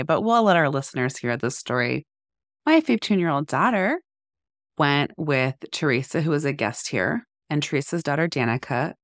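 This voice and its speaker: A woman in her forties co-hosts a podcast and chats casually. Her voice sits low but swings widely as she tells a story and acts out the people in it. The sound is close and dry. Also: dry recording. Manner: animated storytelling, acting out quotes. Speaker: podcast co-host. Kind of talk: casual chat.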